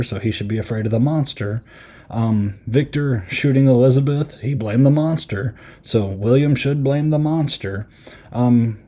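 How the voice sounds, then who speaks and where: Casual man with a dark, mellow voice. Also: medium pitch. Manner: rambling, many fillers, acts out quotes. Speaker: podcast host reviewing a film. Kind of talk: casual spoken film review.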